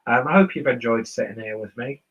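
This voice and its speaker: This beer reviewer, a northern Englishman with a posh southern accent, hosts a livestream and wanders chattily through viewer comments, poking fun at himself. His medium-pitched voice is husky and fairly bright, moving a little fast, and the audio has its highs cut off.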